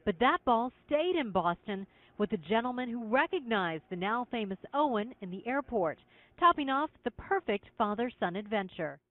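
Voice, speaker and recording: A woman reading a scripted news report in a smooth, measured way. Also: on the high side, animated, no echo. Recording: tinny phone-like sound.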